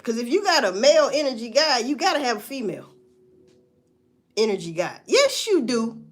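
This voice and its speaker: A woman's voice: fairly high pitch, very animated, moderate pace. A woman, musing in a casual, profane monologue full of rhetorical questions. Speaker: vlogger.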